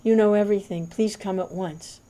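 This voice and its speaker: A man's voice: high-pitched, steady tone, normal speed, warm tone, natural voice, rough recording. A woman reading the lines of a humble male devotee sent as a messenger, earnest and weeping with joy.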